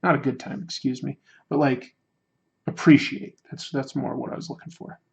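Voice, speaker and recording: A man's voice: mid-range voice, fairly even intonation, normal speed, gravelly. An American man chatting on a livestream while he draws, joking and mocking himself, rambling with restarts. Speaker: streamer drawing while chatting. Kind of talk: casual livestream chat. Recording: dull lo-fi stream audio.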